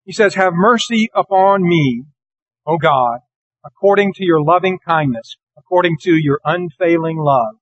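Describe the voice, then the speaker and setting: A man preaching a morning lesson, reading scripture verses slowly and earnestly. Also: high-pitched, a bit bright, no echo, low-quality recording. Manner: earnest, deliberate, slows for scripture.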